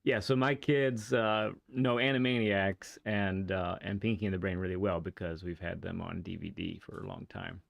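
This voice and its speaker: A man's voice: low-pitched, little pitch movement, normal speed, creaky, hardly any pauses. A man streaming a racing game, chatting casually and enthusiastically, rambling with many restarts and laughs. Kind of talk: casual livestream chat while playing a racing game.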